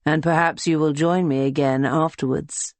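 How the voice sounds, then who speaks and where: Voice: medium pitch, steady tone, normal speed, no room sound, close to an everyday voice. A reader voicing a lecherous middle-aged male town official in an audiobook, close to their own reading voice. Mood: smooth.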